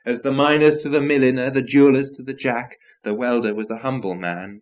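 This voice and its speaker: A man reciting nonsense verse theatrically, swinging between loud declamation and low murmurs. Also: normal speed, hardly any pauses.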